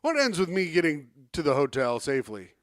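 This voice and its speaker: A man's voice: a little high, sing-song, quick pace, no echo, clean studio sound. A man co-hosting a comedy podcast, telling a long, rambling story and acting out the other people in it. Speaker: podcast co-host. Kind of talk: casual comedy podcast chat.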